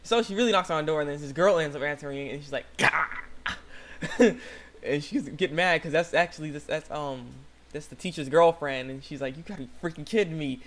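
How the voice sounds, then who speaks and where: A young man with a somewhat high voice hosts his own channel with a casual recap. He rambles excitedly, stacking fillers and starting sentences over. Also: fairly quick. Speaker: channel host. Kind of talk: casual anime episode recap.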